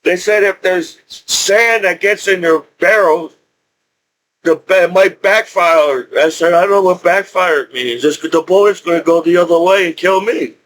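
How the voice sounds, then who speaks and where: High-voiced man rambling through a story. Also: a little slow, fairly bright tone. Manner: rambling, repeats and restarts, laughs often. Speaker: veteran telling his story. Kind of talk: casual storytelling.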